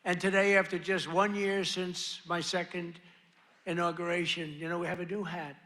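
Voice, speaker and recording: A man's voice: high voice, flat delivery, normal speed, sharp tone. Older man giving a boastful rally speech. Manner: boastful, repetitive, rambling asides. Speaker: political speaker at a rally. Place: rally venue with crowd. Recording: rally sound with crowd noise.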